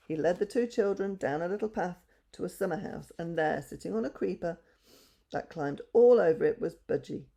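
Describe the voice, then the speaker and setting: Woman reading children's story, low pitch, gravelly, dark mellow tone. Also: animated, normal speed.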